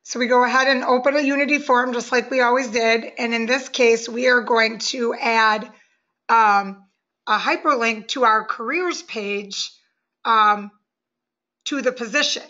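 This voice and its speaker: A woman presenting a software webinar walkthrough, friendly and explaining step by step. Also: fairly high pitch, steady tone, unhurried, dull audio.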